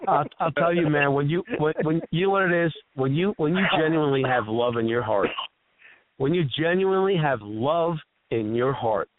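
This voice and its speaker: A man's voice: fairly high pitch, expressive, moderate pace, narrow, tinny audio, slight background noise. A man hosting casual radio talk, telling stories in an earnest, emotional, heartfelt way. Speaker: host.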